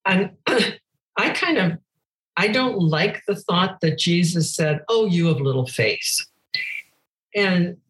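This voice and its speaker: A woman's voice: fairly low pitch, poor audio. Thoughtful older woman musing on faith. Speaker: guest. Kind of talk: reflective conversation on scripture.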